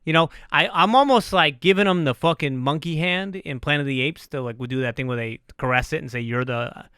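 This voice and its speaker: A middle-aged man hosting a podcast, talking in an animated, profane, self-deprecating casual chat. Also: fairly high pitch, dry recording, clean studio sound. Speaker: podcast host.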